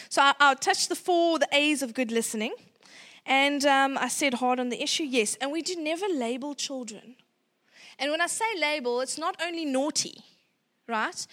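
Chatty woman giving a parenting talk. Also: high-pitched. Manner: chatty and animated, acts out parent and child voices, laughs often. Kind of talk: casual parenting workshop talk.

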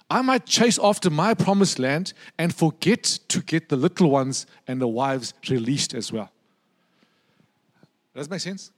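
High-voiced pastor preaching with humor. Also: male voice. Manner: conversational, humorous storytelling with asides to the congregation. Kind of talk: sermon.

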